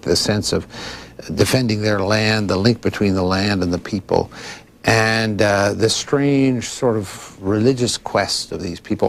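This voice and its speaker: Gravelly older man answering thoughtfully. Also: lowish voice. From Philadelphia, United States. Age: 60s. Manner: thoughtful, digressive, with frequent restarts. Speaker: interviewee, librarian. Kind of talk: reflective interview answers.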